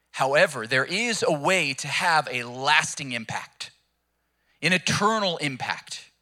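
A man's voice: medium pitch, bright, forceful tone. A young adult man preaching a sermon in a casual, storytelling way with jokes. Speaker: pastor.

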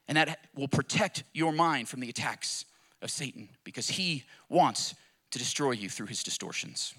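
A middle-aged pastor delivering an impassioned sermon, using repetition, rhetorical questions and a rhythmic preaching cadence. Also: male voice, mid-range voice, expressive, normal speed, sharp tone, breathy edge.

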